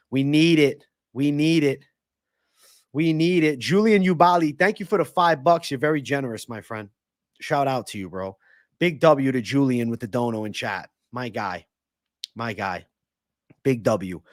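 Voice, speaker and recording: Riffing with chat during a live-streamed fight breakdown, a male host is loose, hyped, and foul-mouthed. His mid-register voice has lively intonation at normal speed, and the recording is dry and close, with no surrounding room.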